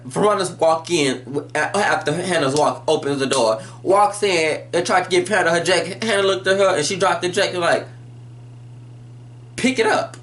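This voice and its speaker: A woman in a casual vlog recapping a TV drama episode, blunt and animated, acting out the scenes as she goes. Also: lowish voice.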